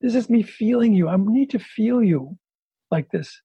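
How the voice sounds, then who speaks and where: A man voicing a middle-aged wife who pleads softly to feel her husband's love. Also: high voice, expressive, moderate pace, vocal fry, breathy edge, no echo, lo-fi sound, pitched above the performer's own voice, heavily acted. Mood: longing.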